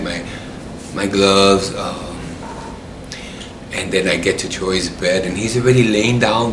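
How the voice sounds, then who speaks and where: Man, personal storytelling, rambling, repeats himself, lowish voice, echoey room, faint ambience. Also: noisy background.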